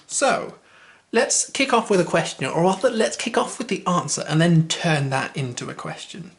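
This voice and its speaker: A language teacher giving a casual spoken lesson, chatty, correcting themself and slowing down to say the example phrases. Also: mid-range voice, sing-song, gravelly.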